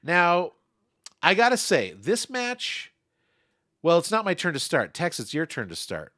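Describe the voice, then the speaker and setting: A man's voice: on the high side, huge pitch swings, unhurried, pushed and bright, dry recording, clean studio sound. A man hosting a casual podcast, moving the talk along and giving his opinions. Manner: chatty, runs the segments. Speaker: podcast host. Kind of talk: casual chat.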